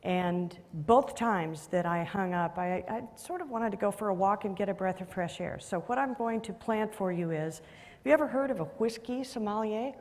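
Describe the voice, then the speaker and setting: A woman's voice: mid-range voice, normal speed, darkish tone. A woman hosting an event, introducing the next speaker with enthusiasm and a playful touch. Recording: echoey hall with long reverb.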